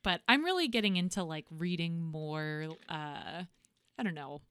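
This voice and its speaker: A woman co-hosts a casual podcast, reacting expressively with gasps and quick jokes. Her voice is lowish and smooth. The sound is dry and close-miked. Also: lively intonation, a bit bright, no room sound. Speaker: podcast co-host. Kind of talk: casual chat.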